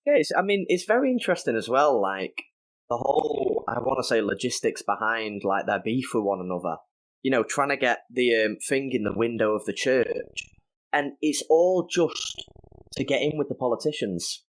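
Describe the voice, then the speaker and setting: A man's voice: mid-range voice, very animated, normal speed. A man with a British accent, a guest on a podcast, talking loosely in casual chat with plenty of fillers. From Britain. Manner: conversational, loose phrasing with fillers.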